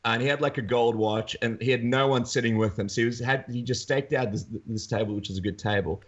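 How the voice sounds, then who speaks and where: A man's voice: mid-range voice, steady tone, quick pace, breathy edge, highs cut off. An Australian man hosting a podcast, telling rambling stories and joking around in casual banter. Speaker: podcast host.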